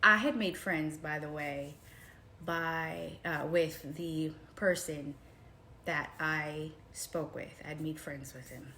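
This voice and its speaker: A woman telling a personal story to her viewers in a casual, animated way, calling them y'all and swinging from hushed retellings to excited outbursts. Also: deep voice, slow, a little hiss or hum. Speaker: vlogger.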